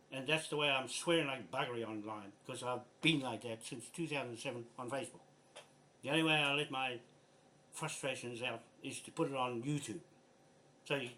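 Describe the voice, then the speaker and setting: A man's voice: mid-range voice, sharp tone, slight background noise. An older man with a New Zealand accent, speaking bluntly and with exasperation in a frustrated, swearing video message. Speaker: land rights activist.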